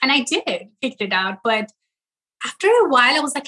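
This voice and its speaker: A woman in her forties from Iran, chatting as an interview guest, animated and quick to laugh while telling stories. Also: high-pitched, low-quality recording. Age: 40s. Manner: animated storytelling, laughs often, many fillers. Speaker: guest, content creator. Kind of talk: casual interview chat.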